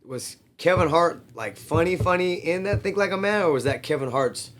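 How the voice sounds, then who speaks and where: A man's voice: on the high side, lively intonation, normal speed, fairly bright tone. Casual male podcast host, faint noise. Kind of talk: casual interview chat.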